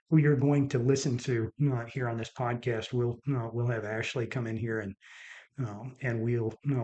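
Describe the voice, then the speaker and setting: A man's voice: mid-range voice, darkish tone. A middle-aged man, a doctor hosting his own podcast, tells stories in an earnest, casual monologue and repeats words for emphasis.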